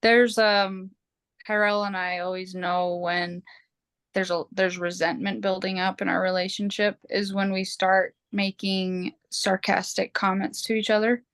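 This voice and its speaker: A woman hosts a podcast in a casual, open chat. She is animated and expressive and swoops up high when she quotes herself. Her voice sits at a middle pitch and sounds close and dry. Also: unhurried, smooth, dry recording. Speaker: podcast host.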